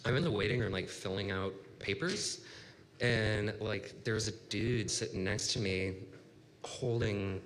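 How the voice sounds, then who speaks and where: A man's voice: fairly low pitch, a little slow, a bit bright. A man in his thirties telling a personal story at a live story slam, casual and rambling with lots of "like.". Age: 30s. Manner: casual, rambling, heavy use of "like". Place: bar venue with live audience. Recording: reverberant live room with faint noise.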